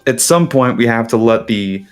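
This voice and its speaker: A man's voice: mid-range voice, lively intonation, moderate pace, soft background music. A man playing a tabletop game, making dry, wry remarks in casual talk. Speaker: player.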